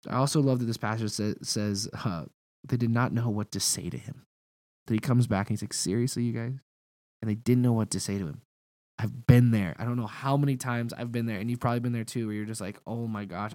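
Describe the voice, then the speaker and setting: A man's voice: fairly low pitch, a little mellow, no room sound. A young man preaching a sermon in a casual, conversational way, telling personal stories.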